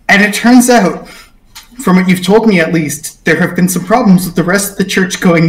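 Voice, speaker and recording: A man's voice: high voice, moderate pace. A man running a tabletop game, chatting casually with his players in a rambling, joking way. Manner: rambling, joking, talks through ideas aloud. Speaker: game master. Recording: echoey room with faint noise.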